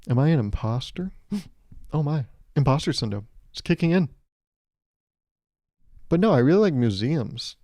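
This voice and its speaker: The podcaster, a man in his twenties, jokes and rambles alone on mic, making fun of himself by acting out quotes. His voice is on the high side and dark in tone, with lively intonation, normal speed, frequent pauses, and no room sound.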